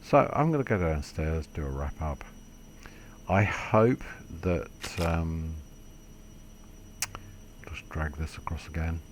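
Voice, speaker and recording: A man's voice: a bass voice, animated, takes it slowly, long pauses, noisy background. A man giving a casual, rambling game tutorial commentary, self-deprecating and swearing mildly. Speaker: gaming video creator.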